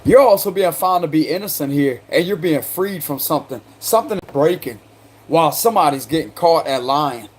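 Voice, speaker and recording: A man with a South Carolina accent works through a tarot spread in loose, slangy talk. His voice sits fairly high for a man, and he breaks into laughter between cards. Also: animated, fairly quick. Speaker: tarot reader. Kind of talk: casual spoken tarot reading.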